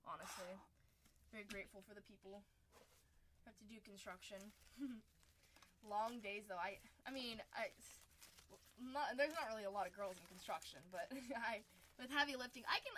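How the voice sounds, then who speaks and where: A woman's voice: mid-range voice, a bit bright, a little hiss or hum. A young woman hosting a card-breaking livestream, chatting casually and upbeat with viewers and laughing often. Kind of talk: casual livestream chat while opening cards.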